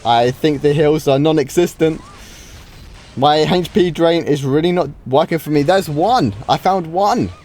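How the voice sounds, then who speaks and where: A man's voice: fairly high pitch, unhurried, a little mellow. A man casually commenting on his own live game duels, reacting often and restarting sentences. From United Kingdom. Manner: casual, reacting to play, frequent wows and restarts. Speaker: gaming streamer. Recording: faint game music behind.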